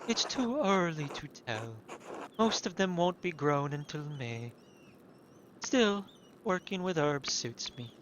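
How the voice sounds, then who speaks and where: A man voicing a calm, observant blind nun who speaks slowly and carefully in a game playthrough. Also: a little high, noisy background. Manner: slow, measured.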